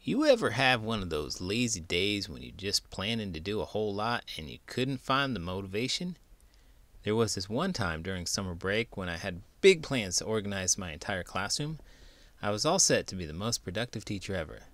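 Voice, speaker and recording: A man, an elementary school teacher, reading a children's book aloud in an animated, playful way. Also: on the low side, moderate pace, no echo.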